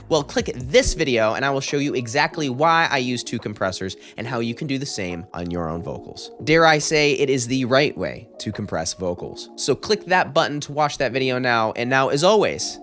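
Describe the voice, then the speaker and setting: A man's voice: medium pitch, a bit bright. A man teaching a music production tutorial, explaining his settings step by step in an upbeat, explanatory way on a close studio mic. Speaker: mixing engineer teaching a tutorial.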